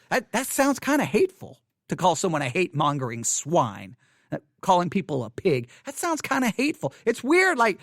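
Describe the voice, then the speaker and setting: A man with a notably high voice, recorded close and dry, works through viewer comments out loud. He talks in an animated, exasperated way, stumbling and restarting often. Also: no room sound. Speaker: channel host answering viewer comments. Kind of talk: casual commentary reading comments aloud.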